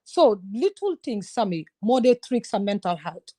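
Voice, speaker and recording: With a medium-pitched, mellow voice that swings widely in pitch, a Gambian woman talks at a moderate pace. She is a guest in a casual chat, sharing her own experiences in an open, earnest, confiding manner.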